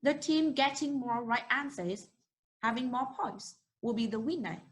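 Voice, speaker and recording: A young woman with a Vietnamese accent teaching an English class online, encouraging and slowly modeling words for students to repeat. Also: a little high, lively intonation, low-quality recording.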